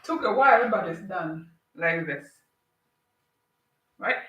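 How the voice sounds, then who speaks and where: A woman hosts a casual live cooking stream from her home kitchen, chatting with viewers and greeting them as they join. Her low-leaning voice is expressive and slow, and the lo-fi recording sounds roomy and distant with clear background noise.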